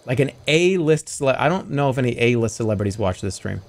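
A man's voice: mid-range voice, lively intonation, fast, noisy background. A man streaming a video game, chatting casually with viewers in a rambling, jokey way. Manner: jokey, rambling, slips into silly voices. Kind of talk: casual livestream chat while gaming.

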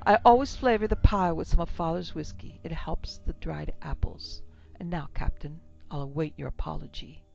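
A shrill, pleading young tavern woman, put on by a female narrator. Her voice rises high with fear, with a gravelly edge. Dull lo-fi sound with faint music beneath. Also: normal speed, darkish tone. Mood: coy.

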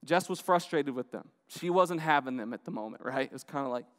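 A man's voice: mid-range voice, expressive, brisk, a bit bright, big-room sound. A man preaching a sermon as a pastor, conversational and often checking in with the crowd by asking "right?". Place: church auditorium.

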